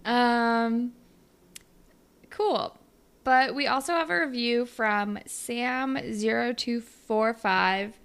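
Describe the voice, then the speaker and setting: A young woman co-hosts a casual podcast, her voice sitting a little high with a noticeable gravelly fry. She rambles through her stories, leaning on "like" and quick asides. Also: fairly bright tone. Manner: rambling storyteller, full of "like". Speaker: podcast co-host. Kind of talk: casual chat.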